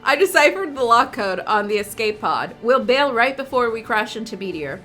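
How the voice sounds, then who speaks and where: A woman reading aloud the lines of a gruff, cursing middle-aged male pilot from a game, in her own high, bright voice. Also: expressive, moderate pace, faint music behind. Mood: blunt.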